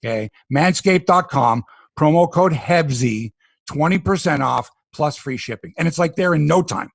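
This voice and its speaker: A middle-aged man hosting a casual sports podcast, animated and sarcastic as he rants. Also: a little high, moderate pace, vocal fry, no room sound, clean studio sound.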